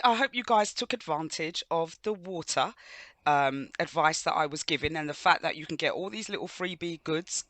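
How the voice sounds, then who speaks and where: A woman's voice: lowish voice, sharp tone, no room sound. A woman co-hosting a radio show, chatting casually with listeners, greeting them by name and reading the news. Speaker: radio co-host.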